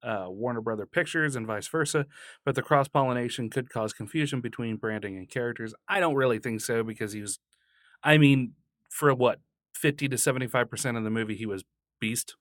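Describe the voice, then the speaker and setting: A man co-hosts a podcast in loose, casual chat, laid-back and quick to laugh, tossing in the odd swear word. His voice sits in a middle range. The studio sound is close and dry. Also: medium pitch, a bit bright, no room sound. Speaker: podcast co-host. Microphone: studio mic.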